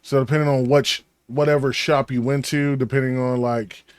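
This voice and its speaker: A man's voice: mid-range voice, level tone, moderate pace, smooth, no echo, studio quality. A man co-hosting a podcast, telling rambling stories in casual chat and swearing freely. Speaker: podcast co-host.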